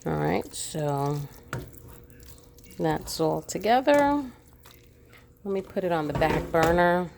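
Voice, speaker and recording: A woman chatting casually as she shows the family dinner in her home kitchen, homey and unhurried. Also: lowish voice, animated, creaky, darkish tone, slight background noise. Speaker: vlogger cooking for her family. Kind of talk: casual kitchen vlog chat.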